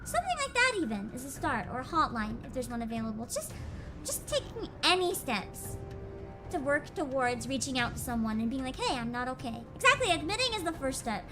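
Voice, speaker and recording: A woman streaming a video game, chatting casually and getting emotional, with loud outbursts and laughter. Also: high-pitched, sing-song, fairly quick, over music. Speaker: VTuber streamer. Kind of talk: casual game livestream chat.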